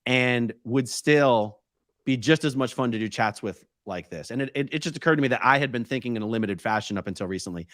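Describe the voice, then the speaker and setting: A man co-hosting a casual live stream, reading viewer comments aloud and thinking out loud. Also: medium pitch, brisk, no echo, studio quality. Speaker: co-host reading chat questions.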